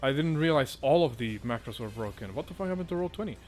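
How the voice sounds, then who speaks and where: A man's voice: mid-range voice, expressive, fast, a little mellow. A man running a tabletop game as dungeon master, talking casually with many fillers and swearing often.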